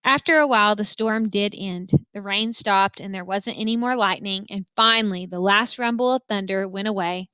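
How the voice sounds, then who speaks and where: Bright-voiced woman teacher reading aloud. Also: medium pitch, moderate pace, hardly any pauses, smooth, no room sound. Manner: directs listeners to follow along, expressive read-aloud. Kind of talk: reading a novel aloud to students.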